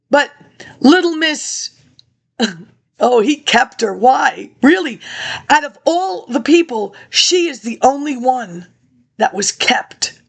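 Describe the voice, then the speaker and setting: A woman's voice: sits high, creaky. A woman in her fifties, a vlogger rambling through a personal story and jumping between tangents as she talks straight to her viewers.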